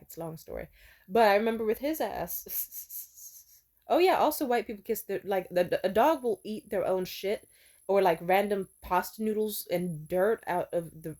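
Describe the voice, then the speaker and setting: A woman's voice: medium pitch, darkish tone. A woman in her twenties telling stories in a casual vlog monologue. She swears freely, laughs often, and trails off and restarts her sentences. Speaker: vlogger.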